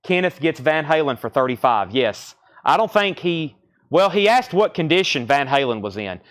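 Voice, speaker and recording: A man in his thirties hosting a live-stream record sale, rattling off bids, buyer names and record details in a quick, rambling patter. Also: fairly high pitch, sing-song, a bit bright.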